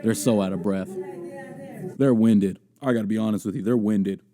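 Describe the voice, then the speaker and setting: This young podcast host speaks with a fairly low pitch, a steady tone, and warmth, keeping a moderate pace. He laughs frequently as he rambles through a crude story and some video commentary, poking fun at himself along the way.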